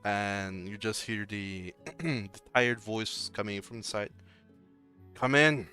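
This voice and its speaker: A man running a tabletop game as game master, narrating scenes in an unhurried way. His voice is fairly low with a bright, sharp edge. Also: fairly even intonation, smooth, faint music behind.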